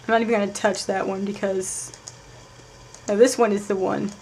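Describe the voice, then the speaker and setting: A woman giving casual live commentary while playing a game, thinking aloud, swearing, and moving between sudden loud outbursts and quiet muttering. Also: mid-range voice, flat delivery, normal speed, a little hiss or hum. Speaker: let's play streamer.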